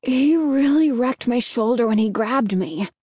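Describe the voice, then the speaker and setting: A woman's voice: a little high, animated, measured pace, darkish tone, dry recording, studio quality. A woman voicing a worried boy who sounds anxious and a little out of breath. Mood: uneasy. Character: worried, uneasy young boy, Danny.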